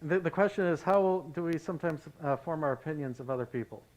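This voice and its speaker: A pastor leading a Bible study, talking in a conversational way and telling anecdotes. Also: male voice, on the high side, quick pace, darkish tone, poor audio.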